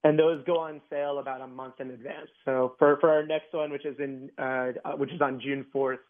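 A man at a mid pitch is chatting as a radio guest. He keeps it loose, with many fillers and restarts. The sound is thin and tinny, like a phone line. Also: little pitch movement, brisk. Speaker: orchestra guest. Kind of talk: casual radio interview.

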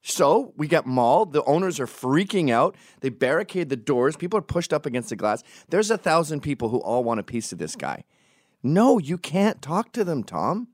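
A man's voice: fairly high pitch, sing-song, fairly quick, few pauses, no echo, clean studio sound. A man hosting a podcast, telling comic stories in a profane, ranting way. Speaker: podcast host. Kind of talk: casual comic storytelling.

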